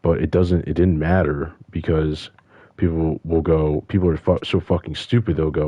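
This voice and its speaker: A man's voice: very deep voice, fairly even intonation, moderate pace, no room sound, muffled recording. An upset man from the United States ranting in frustration and swearing constantly. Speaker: vlogger. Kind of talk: angry casual rant.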